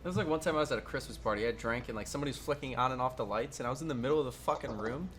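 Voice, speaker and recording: A young man talks fast and loosely, swearing and laughing as he chats on a podcast. His voice sits at an everyday pitch. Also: fairly bright tone, slight background noise. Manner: laid-back, profane, laughs easily. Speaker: podcast co-host. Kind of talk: casual chat.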